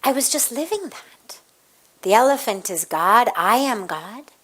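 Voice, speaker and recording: A woman's voice: a little high, lively intonation, unhurried, fairly bright tone, breathy edge, full character voice. Woman playing a naive male disciple, earnest, insistent, story voice. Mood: bitter. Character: naive male disciple, stubborn then bitter.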